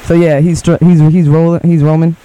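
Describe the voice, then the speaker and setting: Joking man with a raised, mellow voice. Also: fairly high pitch, little pitch movement, brisk, poor audio. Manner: joking, laughs often. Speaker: radio co-host. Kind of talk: casual studio banter. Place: radio studio.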